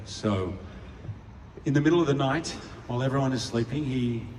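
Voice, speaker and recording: An Australian performer on a large outdoor stage jokes playfully with the audience between songs, his fairly low voice caught from the crowd by a distant mic. The echoey live recording is noisy, with an orchestra and audience in the background.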